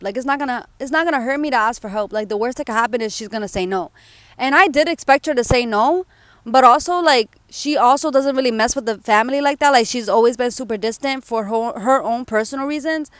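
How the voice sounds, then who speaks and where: A woman's voice: fairly high pitch, no room sound. Candid young woman telling her story. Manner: candid, emotional, many fillers like "like" and "you know". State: tearful at times. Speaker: vlogger. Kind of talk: personal story time.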